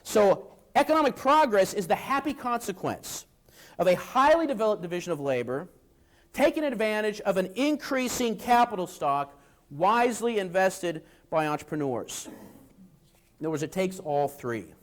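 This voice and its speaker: A male lecturer delivering an economics talk at a seminar. His voice sits high and moves through a wide, lively range. He often pauses to check in with the audience through rhetorical tag questions.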